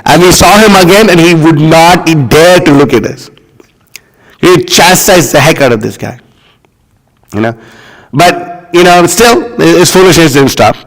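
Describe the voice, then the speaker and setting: A man giving a scripture class as a sermon, scornful and animated, leaning on lots of "you know" fillers. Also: on the high side, a little slow, big-room sound, rough recording. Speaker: preacher.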